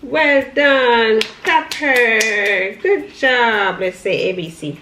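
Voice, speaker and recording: A woman vlogging at home, talking slowly and playfully to her little one. Her voice sits slightly high, and she laughs easily while coaxing. The room is echoey, with faint noise behind her. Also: animated. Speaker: vlogger mom. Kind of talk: casual home vlog, talking to her toddler.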